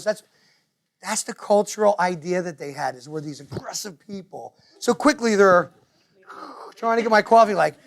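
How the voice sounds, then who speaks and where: Addressing parents before a live audience in a meeting room, a New Jersey man speaks as an invited guest, telling stories and tossing off quick impressions of others. His voice is high-pitched and gravelly, and his manner is animated and lively.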